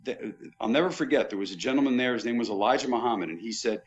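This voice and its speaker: A man's voice: medium pitch, fast talker, muffled recording. A man who was a boxing pay-per-view executive, guesting on a podcast and telling vivid stories about his past. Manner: animated raconteur, vivid recollections. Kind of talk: anecdotal storytelling in casual chat.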